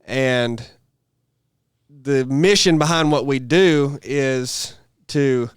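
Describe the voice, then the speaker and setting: Smooth-voiced man explaining. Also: medium pitch, drawn-out words, dry recording, studio quality. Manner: explains at length, self-correcting. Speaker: podcast co-host. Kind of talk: casual chat.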